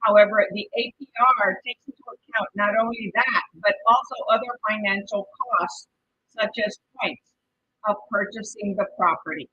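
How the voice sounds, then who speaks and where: A woman's voice: mid-range voice, normal speed, muffled recording, slight background noise. A woman with a Mexican Spanish accent teaching a live-streamed exam prep lesson, chatty and encouraging, often checking in with "okay?". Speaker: real estate exam prep instructor.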